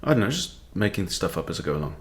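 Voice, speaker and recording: A chess coach talks himself through a live game and mutters his moves half under his breath. His voice sits low but keeps swinging up and down. Keyboard clicks sound softly behind him. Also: big pitch swings, rapid-fire.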